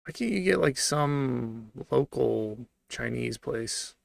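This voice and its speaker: A man's voice: mid-range voice, animated, slow pace, vocal fry, no echo, studio quality. A man giving casual reaction commentary, blunt and sarcastic, swearing freely. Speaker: streamer reacting to videos.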